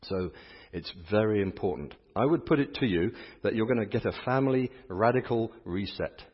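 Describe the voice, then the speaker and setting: A slightly rough, lower-pitched male voice with an English accent delivers an expressive sermon at normal speed. He's a priest at a church healing service, chatty and exuberant, trading calls and responses with his congregation. The recording is echoey and dull.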